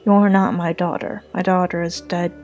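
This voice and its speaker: A woman voicing a stern father pony who yells harshly at his daughter. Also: fairly low pitch, little pitch movement, normal speed, soft background music, lightly acted. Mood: angry. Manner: yelling, harsh.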